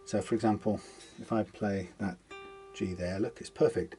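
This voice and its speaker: A man's voice: lowish voice, steady tone, moderate pace, mellow. A man talking casually through a guitar setup in his workshop, rambling and muttering to himself as he works. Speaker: guitar technician. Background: guitar being plucked.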